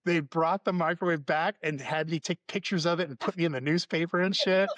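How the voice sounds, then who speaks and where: A man tells stories as a podcast guest, cursing freely and playing out both sides of a quarrel. His voice sits a little high for a man. The sound is dry and close. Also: a little fast, no echo. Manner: profane, animated storyteller, acts out quarrels. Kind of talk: casual storytelling interview. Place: Florida.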